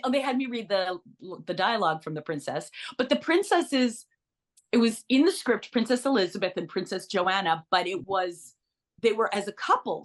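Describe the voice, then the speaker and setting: Middle-aged woman, actress guest, chatty, animated, restarts a lot, casual interview storytelling. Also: medium pitch.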